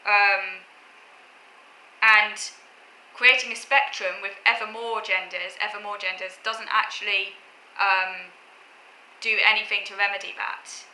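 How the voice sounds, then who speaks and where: A woman vlogger lays out her views in an earnest, lecturing way, often stopping and restarting her phrases. Her voice is very bright and sharp-edged. She sounds like she is in a roomy, echoey space with a faint hum of background ambience. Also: medium pitch, steady tone, a little slow. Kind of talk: explaining opinions to camera.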